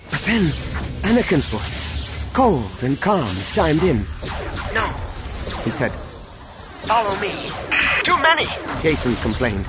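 A man reads a space-battle story aloud with lively, sweeping pitch and dramatic pacing. Cinematic music plays steadily under his narration. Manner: expressive storytelling with acted voices. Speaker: audiobook narrator.

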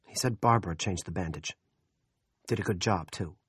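A man voicing a frazzled middle-aged male police chief who talks out of breath, rapid and worried. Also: low voice, breathy edge, dry recording, clean studio sound. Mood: harried.

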